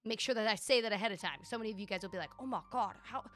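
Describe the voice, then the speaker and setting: With a mid-range voice and rapid-fire delivery, a young woman chats casually during a live video game stream. She's gushing and animated, constantly saying "like" and "dude."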